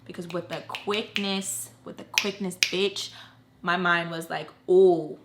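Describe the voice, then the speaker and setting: Animated young woman telling a storytime. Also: lowish voice, a little slow, reverberant, very noisy. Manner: emotional, swings from quiet to loud; cursing, slangy and animated. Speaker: storytime vlogger. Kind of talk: casual storytime.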